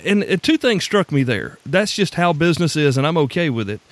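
A man hosting a podcast, telling a story in relaxed, reflective talk. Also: fairly high pitch, fairly quick, no room sound. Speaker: podcast host. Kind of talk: casual conversation.

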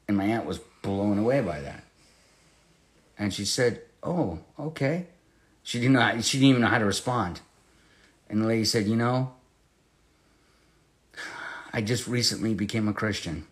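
A man teaching verse by verse through a Bible passage, impassioned and conversational, rising to loud emphasis and dropping to hushed storytelling. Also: lowish voice, a little slow, pauses often.

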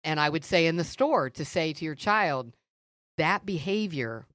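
A middle-aged woman co-hosting a faith podcast, telling stories and teaching in an earnest, animated way. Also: deep voice, moderate pace, no echo, studio quality. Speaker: podcast co-host. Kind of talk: faith-based conversational teaching.

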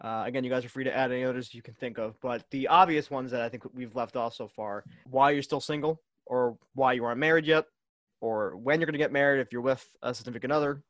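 A man's voice: medium pitch, fast, a bit bright, dry recording. A man hosting a casual podcast chat, steering the talk through a list of topics. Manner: steers the topics, lists items. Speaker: podcast host.

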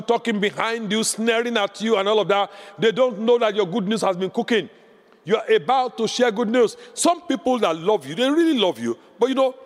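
A man's voice: high voice, long reverb tail. A man preaching a sermon as pastor, impassioned and repeating lines for emphasis.

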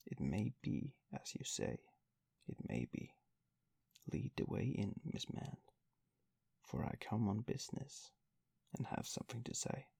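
A blustering, self-important beadle, stout and hot-tempered, as a man reading the story puts him on. The voice sits very low, with a heavy gravelly fry and a husky edge. It swings widely in pitch as he lectures. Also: sing-song, measured pace, long pauses, dark tone, dry recording, heavily acted. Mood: calmer. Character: pompous stout choleric male parish beadle.

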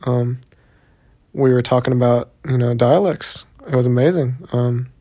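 A young Texan man with a Southern accent talks straight to his viewers in a relaxed vlog. His voice sits at an average pitch, and his talk is loose and unhurried, packed with fillers and casual swearing. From Texas. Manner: laid-back, heavy swearing, many fillers. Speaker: vlogger.

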